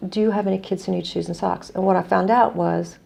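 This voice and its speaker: A woman's voice: on the low side, fairly even intonation, fairly quick, creaky, warm tone, breathy edge. A middle-aged woman from the United States, an earnest guest telling a story in conversation and quoting others as she goes. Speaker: guest, non-profit executive director.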